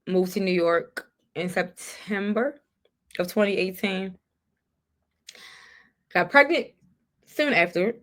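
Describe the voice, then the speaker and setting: A woman with a somewhat low-pitched voice talks as a podcast guest, sharing her own story. She is candid and heartfelt, reflecting openly as she goes. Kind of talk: personal storytelling in a conversation.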